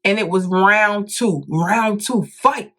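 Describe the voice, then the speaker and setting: A woman vlogging a casual storytime, dramatic and animated, acting out quotes and calling her viewers "y'all". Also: mid-range voice, takes it slowly. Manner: addresses viewers directly as "y'all" and "baby".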